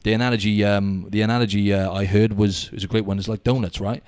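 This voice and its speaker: Male podcast host from the UK, low-ish, rapid, dry Skype sound, matey chat. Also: clear, resonant tone, dry recording. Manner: chatty, animated storyteller, says "mate" a lot. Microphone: Skype call.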